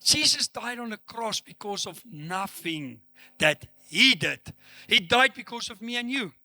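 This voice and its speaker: A man's voice: sits high, animated, measured pace, sharp tone, no echo. A middle-aged man preaching a sermon as pastor, acting out the dialogue he quotes with rising emphasis. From South Africa.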